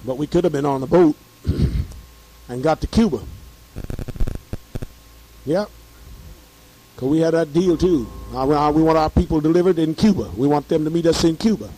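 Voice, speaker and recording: A hoarse man telling a story in a fiery, profane monologue, repeating himself as he works up to shouting. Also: fairly high pitch, moderate pace, long pauses, poor audio.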